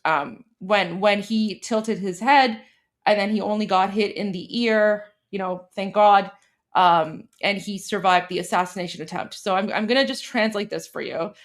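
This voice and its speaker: A woman's voice: mid-range voice, normal speed. A woman from Canada hosting a political commentary show, explaining and translating a video clip in a chatty way with many fillers and restarts.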